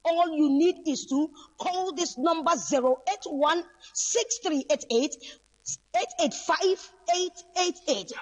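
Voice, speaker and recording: High-voiced woman preacher. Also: slow pace. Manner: prophetic, declarative, addresses unseen listeners. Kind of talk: preaching broadcast appeal.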